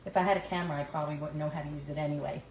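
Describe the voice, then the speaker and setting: A woman's voice: deep voice, steady tone, racing, darkish tone. An older woman with a New York accent hosts a casual cooking livestream from her home kitchen. She chats and laughs often while she cooks and talks to her phone. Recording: echoey room, faint background noise.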